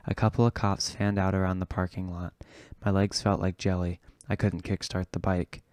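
A man reading a novel aloud in a steady, low-key way. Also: moderate pace, dry recording, clean studio sound. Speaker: audiobook reader.

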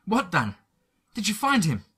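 Man putting on a shrill tearful woman. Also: wildly swooping pitch, a little slow, pushed and bright, husky, heavily acted. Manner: shrill, crying and pleading. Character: frantic tearful young woman.

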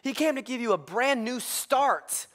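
Young male pastor, high voice, animated comic delivery. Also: unhurried. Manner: animated comic storytelling with congregation call-outs. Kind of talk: humorous sermon. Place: church service with live congregation.

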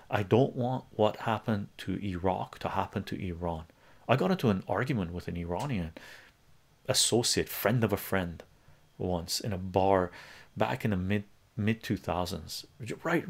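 A man's voice: fairly low pitch, gravelly. A male live stream host telling a story in a heated, profane rant during a casual chat.

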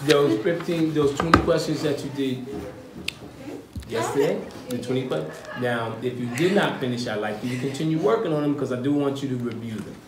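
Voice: mid-range voice, brisk, distant mic. A teacher giving classroom instructions and joking with students. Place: high school classroom. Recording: roomy classroom recorded from afar. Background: noisy students.

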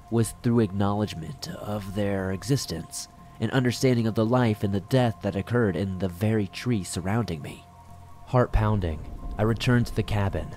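A man narrating a scripted horror story in a measured, dramatic way. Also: fairly low pitch, dark tone.

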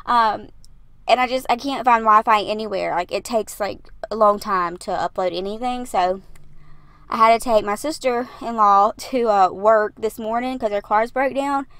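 A woman's voice: on the high side, moderate pace, a bit bright, clear, resonant tone, dry recording. Breathless woman, chatty voiceover. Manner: chatty, rambling, laughs often. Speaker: YouTuber narrating a build video. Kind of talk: casual voiceover. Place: parked car.

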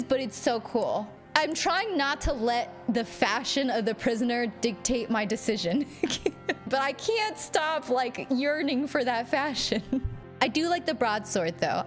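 Woman streamer, very high voice, swooping lively pitch, giggly and gasping, soft music behind. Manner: giggly, gasping, squealing with excitement. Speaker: streamer playing a game. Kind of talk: excited live-stream gameplay reactions.

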